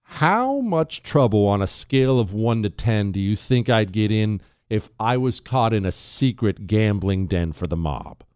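A male talk show host speaks with a smooth, resonant voice into a close studio mic. The sound is dry and without room echo. He talks with emphatic sarcasm, swinging between mock glee and flat scorn. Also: fairly low pitch, unhurried, hardly any pauses. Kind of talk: opinion talk show monologue.

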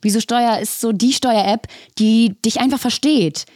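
A woman's voice: fairly high pitch, normal speed, a little mellow, no echo, clean studio sound, close to an everyday voice. A woman performing scripted ad dialogue in an upbeat, breezy sales delivery.

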